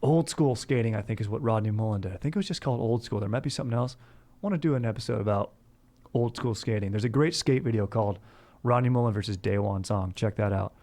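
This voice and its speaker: A man's voice: lowish voice, fast talker, warm tone. A young man spins a long, loose story as a podcast host. His delivery is casual and rambling. He leans on "dude" and "like" from one sentence to the next. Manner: rambling and laid-back, saying "dude" constantly.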